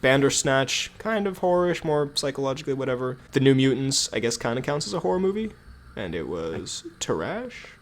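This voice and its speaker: A man co-hosting a casual podcast, laid-back and quick with jokes, laughing often between points. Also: mid-range voice, expressive. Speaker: podcast co-host. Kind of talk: casual chat. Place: at home in quarantine.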